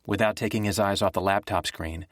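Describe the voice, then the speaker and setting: Low-voiced male audiobook narrator. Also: no echo, clean studio sound. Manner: even, measured storytelling.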